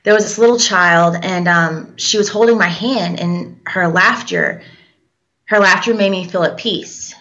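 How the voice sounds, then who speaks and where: Low, bright-toned young woman telling her story. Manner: halting, hesitant, with frequent fillers. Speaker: guest. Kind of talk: personal storytelling in an interview. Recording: dull lo-fi recording.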